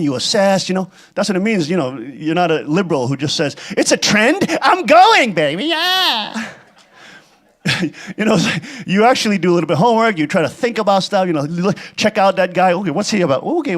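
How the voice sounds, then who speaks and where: High, lively mocking man. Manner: mocking, rambling, sarcastic. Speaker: church leader. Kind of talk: commentary, reading viewer letters.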